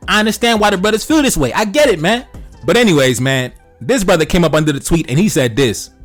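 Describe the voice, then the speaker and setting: Talking fast in a high, animated voice over faint music, a young commentary channel host reacts to social media posts. His casual commentary is blunt and heated, peppered with swearing and with "man" and "brother" aimed at listeners.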